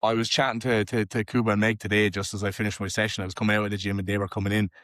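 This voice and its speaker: A man with a Tipperary Irish accent, hosting a casual podcast chat and telling lively stories with plenty of swearing. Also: fairly low pitch, racing, dry recording, studio quality. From Ireland. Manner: lively storytelling, frequent swearing. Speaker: podcast host.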